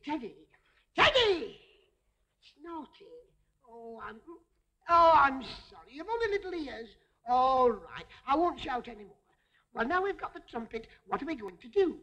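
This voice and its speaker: A woman with a high, lively voice that leaps up and down, playing a comic stage routine. She talks to a teddy bear as if it were a child, coaxing and fussing over it, and laughs often. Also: moderate pace. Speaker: comic entertainer.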